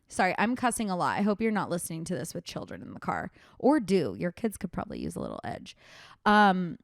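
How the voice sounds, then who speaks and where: A woman's voice: medium pitch, dry recording, studio quality. Fired-up, foul-mouthed woman podcaster. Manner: fired-up, swears often, lots of filler "like". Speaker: podcast host. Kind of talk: casual gossip commentary.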